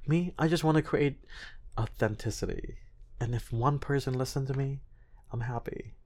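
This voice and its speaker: A man talking earnestly and with animation as an interview guest, with a light hint of a non-native lilt in his speech. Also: medium pitch. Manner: earnest, animated, quick to slip into other voices. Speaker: guest, singer and actor. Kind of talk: casual interview talk.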